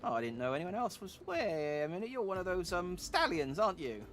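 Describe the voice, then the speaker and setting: A man voicing an excitable little girl in a raised, squeaky voice. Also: brisk. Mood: bubbly.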